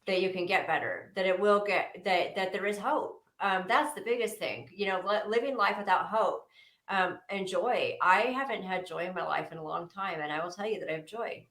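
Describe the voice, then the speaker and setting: A woman's voice: mid-range voice, moderate pace, fairly bright tone, reverberant, poor audio. A woman, a nurse, speaking as a guest in a casual interview, earnest and hesitant, with many ums and restarts.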